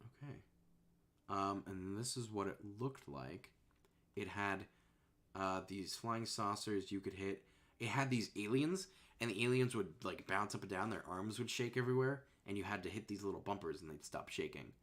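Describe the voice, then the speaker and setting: A man streaming and chatting casually at a desk microphone in a rambling, laid-back way that often trails off softly. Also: fairly low pitch, normal speed. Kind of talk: casual chat.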